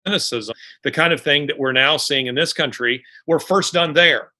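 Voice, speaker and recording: A man's voice: a little high, normal speed, bright, forceful tone. A man speaking as a guest in an interview, talking unhurriedly with many restarts and fillers. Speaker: guest author. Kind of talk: conversational interview.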